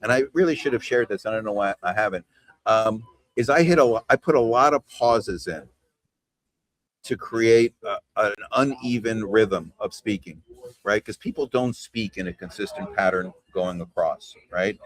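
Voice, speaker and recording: On a video call, a trainer coaches his team in a casual, conversational way, his voice on the low side and his pace moderate. He keeps checking in with "right?" and "you know."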